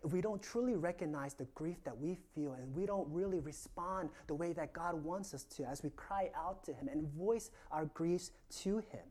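A male pastor delivers a sermon with an earnest, reflective manner. His voice is mellow and warm, rising for emphasis and then sinking to a soft, near-whispered hush as phrases close. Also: on the high side, moderate pace, hardly any pauses.

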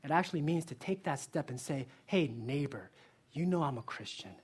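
Husky-voiced pastor preaching a sermon. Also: male voice, a little high, normal speed. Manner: earnest, asks the listeners direct questions; lively storytelling.

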